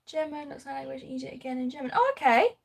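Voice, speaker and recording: A woman's voice: high voice, lively intonation, fast talker, creaky. Chatty woman crafting live. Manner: chatty, laughs often, reads out viewer comments. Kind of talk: casual chat while crafting.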